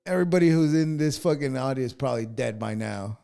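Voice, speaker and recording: A man's voice: medium pitch, animated, fairly quick, vocal fry, warm tone. A man co-hosting a podcast, ranting heatedly with constant swearing. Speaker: podcast co-host. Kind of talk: casual podcast rant.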